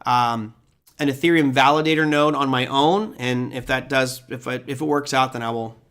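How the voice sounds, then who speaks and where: A man's voice: mid-range voice, steady tone, moderate pace, a bit bright. A man hosting a live trading show, chatting casually as he answers viewer questions off the cuff.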